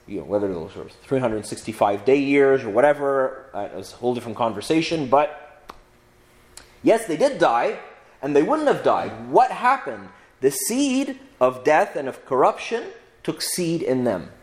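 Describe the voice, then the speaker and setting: A man, a priest, giving a conversational Bible teaching, with many restarts and frequent "right?" asides to his listeners. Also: mid-range voice.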